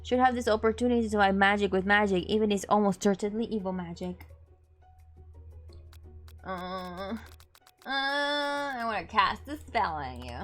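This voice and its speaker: A young woman streaming herself reading a dating sim aloud, playful and giggly, reacting to the text as she goes, with faint game music behind her. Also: mid-range voice.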